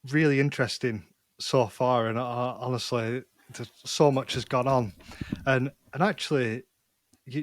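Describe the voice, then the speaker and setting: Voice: mid-range voice, a little hiss or hum. A podcast host with a Lancashire accent, reacting in an upbeat way and asking questions in a casual interview.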